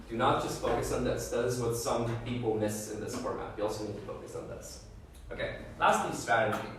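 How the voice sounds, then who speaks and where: A man giving a classroom lecture on debate judging, often checking in with "okay?" and "right?". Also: medium pitch. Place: lecture room. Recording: echoey room, voice far from the mic, faint background noise.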